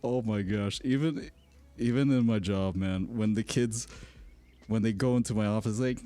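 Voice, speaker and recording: A man's voice: lowish voice, normal speed, mellow, dry recording. A man streaming in casual chat, telling rambling stories and laughing often. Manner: rambling, self-correcting storyteller.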